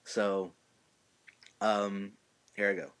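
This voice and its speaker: A man's voice: lowish voice, level tone, extremely slow, a bit bright, clean tone. Hesitant male podcast host. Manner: hesitant, lots of ums before segments. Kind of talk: casual podcast chat.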